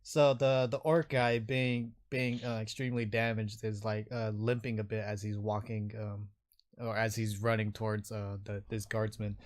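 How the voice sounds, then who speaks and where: A man's voice: fairly low pitch, flat delivery, moderate pace. A man narrating a tabletop game as game master, with frequent hesitations and fillers.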